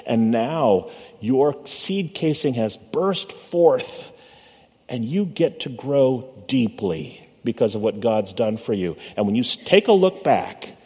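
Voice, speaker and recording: A male pastor preaching a sermon in a church sanctuary. He uses a measured preaching cadence, slowing down and dropping low on the words he wants to land. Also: warm tone, slightly rough. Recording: long reverb of a church hall.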